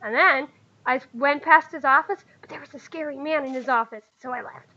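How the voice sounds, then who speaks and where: A woman's voice: sits high, a little fast, pushed and bright, dull audio. Woman doing a scared little princess. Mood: worried. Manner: whispery, pleading.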